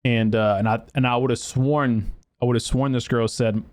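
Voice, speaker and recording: Male podcast host, swears freely, rambling animated storytelling. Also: mid-range voice, moderate pace. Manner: profane, animated storytelling with acted quotes; lots of fillers and restarts. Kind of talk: casual storytelling.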